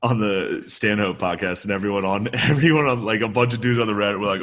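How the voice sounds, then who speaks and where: Podcast co-host, man, thirties, low voice, loose profane storyteller, casual comedy chat. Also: brisk, hardly any pauses, fairly bright tone.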